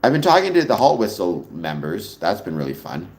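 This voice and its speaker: A man's voice: sits low, wildly swooping pitch, a little fast, vocal fry, a little hiss or hum. A man hosting a livestream, chatting casually and answering viewer comments in a rambling way that drifts into personal stories. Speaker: livestream host.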